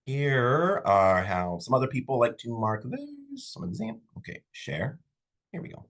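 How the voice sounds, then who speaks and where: A college instructor teaches a public speaking class online through a computer mic. His medium-pitched, creaky voice is unhurried, and his casual, animated manner rambles a little with fillers.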